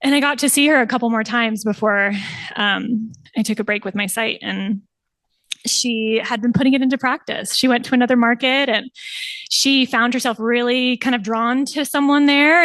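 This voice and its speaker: A woman's voice: a little high, fairly bright tone, dry recording. A young woman presenting her thesis, telling a client's story and animatedly acting out the quoted voices with laughs. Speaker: somatic practitioner presenting thesis.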